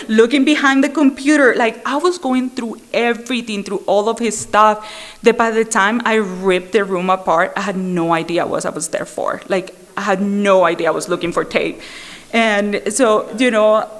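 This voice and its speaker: A woman speaker at a recovery meeting, sharing her own story in a candid, self-mocking way, with frequent fillers and restarts. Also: medium pitch. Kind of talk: personal recovery share at a meeting. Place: meeting room.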